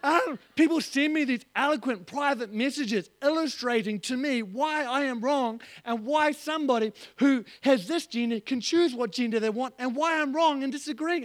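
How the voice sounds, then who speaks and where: A male pastor delivers a sermon in a church, his voice sitting strikingly high. He talks in an animated, joking way and slips into little acted-out voices. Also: dry recording.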